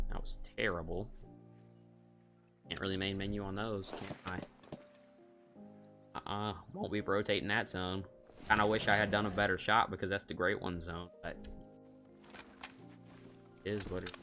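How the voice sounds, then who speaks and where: A man's voice: deep voice, steady tone, moderate pace, pauses often, pushed and bright, soft background music. A man streaming a hunting game, giving casual, rambling commentary and cracking jokes as he thinks aloud.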